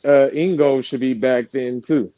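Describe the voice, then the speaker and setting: A man's voice: mid-range voice, steady tone, warm tone, dry recording, poor audio. Man, casual sports chat, argumentative, interrupts, dry close sound. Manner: quick to interrupt and object, argumentative.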